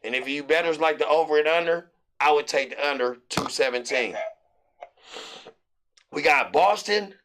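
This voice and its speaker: A man's voice: a little high, moderate pace, pauses often, noisy background. A man hosting a sports betting show, running through picks in a loose, repetitive, hyped-up way with lots of slang.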